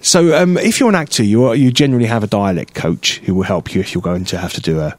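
A man's voice: lowish voice, quick pace, no room sound. A man co-hosting a casual radio chat show in a studio, chatty, with ums and restarts. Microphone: studio mic.

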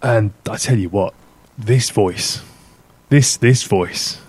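A man's voice: fairly low pitch, takes it slowly, darkish tone, husky. A man from England co-hosting a casual radio chat show, responding wryly and chuckling along as he shares his own stories. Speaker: co-host. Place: radio studio.

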